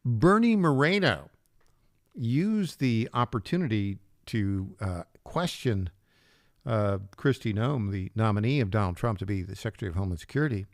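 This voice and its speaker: A man's voice: on the low side, lively intonation, normal speed, no echo, clean studio sound. A man hosting a political talk radio show, making wry asides and chuckling at his own jabs as he introduces clips.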